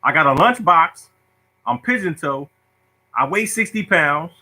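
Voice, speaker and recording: A man hosting a lottery show, casually telling stories to viewers in an animated, joking, self-mocking way. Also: a little high, a little slow, low-quality recording.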